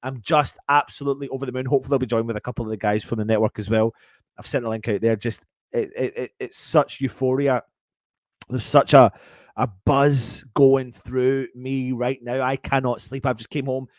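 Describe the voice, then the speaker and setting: A man hosting a live fan chat, excitable and stumbling over his words, swearing freely. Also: medium pitch, a little fast, dry recording, studio quality. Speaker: fan channel host.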